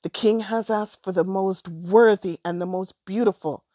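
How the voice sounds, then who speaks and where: A woman's voice: mid-range voice, normal speed, mellow, no echo, clean studio sound, natural voice. A woman voicing a proud, firm father in a storybook. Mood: fatherly. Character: proud loving father of two daughters.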